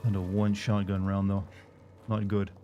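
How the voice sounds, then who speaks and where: A man's voice: low voice, completely flat delivery, moderate pace, highs cut off, a little hiss or hum. A man with a mild Southern US accent doing casual let's-play commentary, chatting with viewers and swearing at the game. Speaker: streamer.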